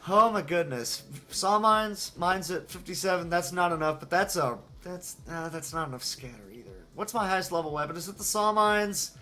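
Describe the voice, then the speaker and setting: A man commentating his own speedrun live, excitable and self-deprecating, chatting with viewers as he plays. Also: sits high, moderate pace, hardly any pauses.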